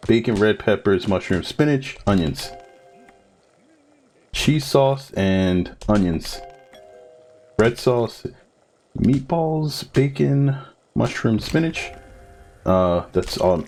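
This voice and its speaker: A man's voice: medium pitch, slow, long pauses, faint music behind. A man streaming a cooking game live, listing ingredients as he goes and chatting with his co-host. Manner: calls out ingredients in a steady list, joking with co-host. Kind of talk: live gameplay commentary.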